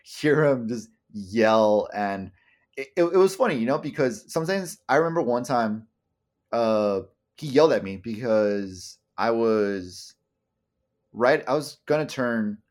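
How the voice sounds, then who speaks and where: A man's voice: fairly low pitch, a little mellow. A young man co-hosting a casual podcast chat, rambling and swearing often, with many stammered restarts. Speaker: podcast co-host.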